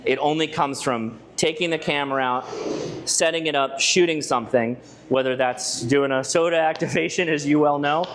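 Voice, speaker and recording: A man's voice: fairly high pitch, normal speed, fairly bright tone. A man from Southern California giving a conversational presentation at a club, telling stories with frequent restarts and asides to the audience. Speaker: ham radio channel presenter giving a club talk. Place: club meeting room with a live audience.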